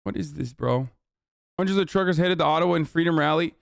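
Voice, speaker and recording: A man's voice: fairly high pitch, fast, creaky, no room sound, studio quality. A man hosting a livestream and giving heated political commentary in a combative, profane rant. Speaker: livestream host.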